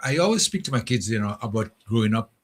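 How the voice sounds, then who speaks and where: A man hosting a casual call-in radio talk show, relaxed, laughing often and replying with quick agreement. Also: on the low side. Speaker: radio host.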